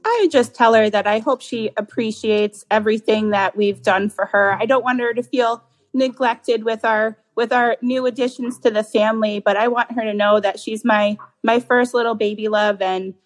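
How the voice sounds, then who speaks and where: A woman's voice: on the high side, fairly even intonation, moderate pace, low-quality recording. A young woman guest in a casual podcast interview, talking fondly and often restarting her phrases.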